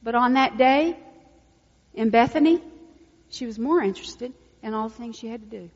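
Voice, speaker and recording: A woman preaching a sermon, swinging from hushed, intimate lines to loud emphatic peaks. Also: fairly high pitch, moderate pace. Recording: dull lo-fi recording with long hall reverb.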